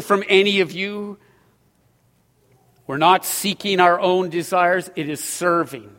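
A middle-aged male pastor preaching a sermon, swinging from loud emphatic lines to hushed ones. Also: on the high side. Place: church sanctuary. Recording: long hall reverb.

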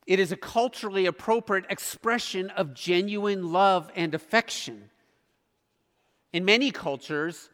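High-voiced preaching pastor in a hall. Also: male voice, a bit bright. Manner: earnest preaching with emphatic pauses. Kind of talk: sermon.

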